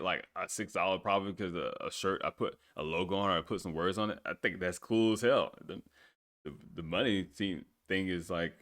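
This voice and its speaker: A man talks through his solo podcast in a deep, low voice. He rambles in a loose, offhand way and swears casually as he goes. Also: sharp tone. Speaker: podcast host.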